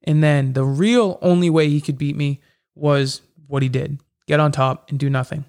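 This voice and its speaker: A man with a slightly higher than usual voice talks casually in an interview. He is a fighter who tells his stories fast and loosely. He fills his sentences with casual fillers. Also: fairly even intonation, darkish tone. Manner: chatty, quick storytelling with many fillers. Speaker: MMA fighter.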